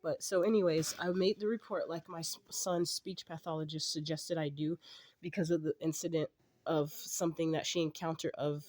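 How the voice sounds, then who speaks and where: A woman ranting to her camera, aggravated and rambling, with frequent profanity. Her voice is dark and mellow. She keeps breaking off and restarting her sentences. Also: low-pitched, steady tone, moderate pace. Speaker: vlogger. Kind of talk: casual venting to camera.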